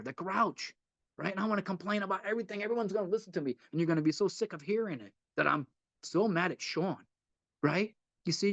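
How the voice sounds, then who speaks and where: His voice sits high, and the audio is dull with no echo. A man guiding a twelve-step study session in an informal teaching manner, he is earnest and repeats himself, regularly checking in with a rhetorical "right?"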